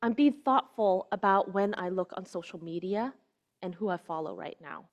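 A woman giving a conversational sermon. She keeps checking in with "right?" and drops to a hushed voice on key words. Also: mid-range voice, lively intonation, normal speed. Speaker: preacher.

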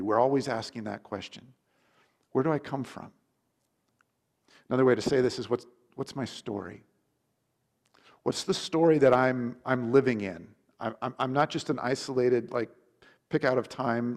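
A man preaching in a loose, conversational sermon, with frequent restarts, many uses of "like", and quoted questions acted out in changing voices. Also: medium pitch. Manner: casual, rambling, many restarts and "like".

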